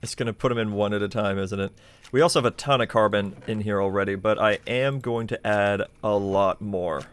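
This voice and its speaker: Guy with a lowish voice rambling through his game stream, lots of uhs and ums. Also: fairly quick, clean tone. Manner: chatty, thinks aloud with many fillers. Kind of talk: casual live gameplay commentary.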